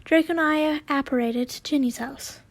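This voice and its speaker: A woman's voice: sits high, normal speed. A young woman reading fanfiction aloud, acting out the characters and often stopping to laugh and comment. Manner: giggly, breaks off to comment and laugh. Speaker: fanfiction reader.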